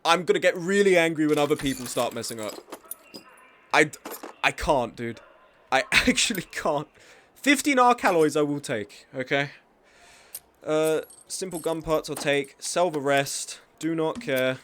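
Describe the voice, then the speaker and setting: A fairly high-voiced man streaming a game over a desk mic, swinging between loud exasperated rants and quieter self-mocking asides. He talks to his chat casually, often laughing at his own anger. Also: animated, measured pace, slight background noise.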